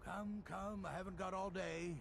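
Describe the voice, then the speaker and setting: A man's voice: high voice, fairly even intonation, normal speed, creaky, fairly bright tone, exaggerated voice. A man voicing an impatient male townsman in a fantasy video game, speaking curtly. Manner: curt, brusque.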